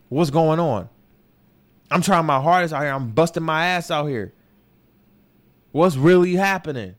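Brief: young male podcast host, higher-pitched voice, raw and candid personal talk, heavy swearing, repeats himself and restarts. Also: fairly bright tone, clear, resonant tone. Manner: candid and emotional, swears often, circles back with restarts. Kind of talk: personal opinion monologue. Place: New York.

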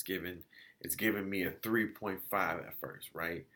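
A man casually reviewing food spots in a vlog, telling it as an animated, slangy story full of restarts and quoted exchanges. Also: fairly low pitch, moderate pace.

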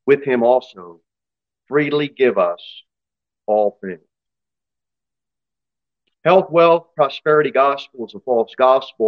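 A man's voice: medium pitch, no room sound, highs cut off. A man preaching an expository sermon in a church, emphatic and acting out story voices. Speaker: pastor.

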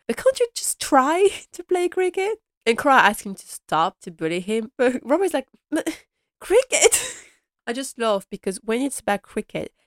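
Chatty lady recapping an episode, lowish voice, dry close sound, laughs a lot. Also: no echo. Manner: chatty, laughs often, retells scenes. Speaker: podcast host.

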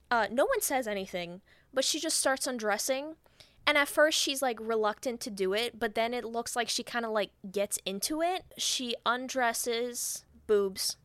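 A woman co-hosting a podcast, recapping a film in casual, animated and profane storytelling. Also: a little high, clear, resonant tone, dry recording. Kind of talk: casual chat.

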